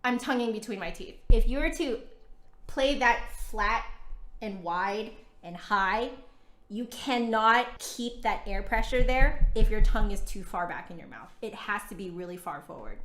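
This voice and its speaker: A woman's voice: medium pitch, lively intonation, moderate pace, a bit bright. An American woman demonstrating a flute on a casual livestream, chatting straight to her viewers. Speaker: flutist reviewing an instrument. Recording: roomy echo.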